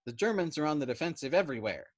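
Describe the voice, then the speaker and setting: A man's voice: fairly high pitch, very animated, fast, pitched above the performer's own voice. A man voicing a whiny, self-pitying army doctor who wails mournfully. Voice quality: wailing, mournful.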